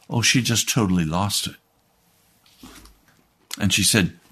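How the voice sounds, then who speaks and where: Man, pastor, radio sermon, earnest, emphatic, slow, low voice. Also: sharp tone, breathy edge.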